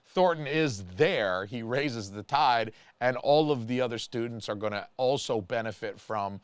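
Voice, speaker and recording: A man's voice: medium pitch, unhurried, clean tone, no room sound. A man talking on his own about films he watched, rambling and opinionated, with lots of fillers and restarts. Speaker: movie reviewer. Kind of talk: casual solo film commentary.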